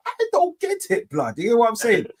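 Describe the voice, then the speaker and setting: A man's voice: very high voice, wildly swooping pitch, brisk, breathy edge. A man hosting a football fan call-in show, ranting heatedly with heavy swearing and slang.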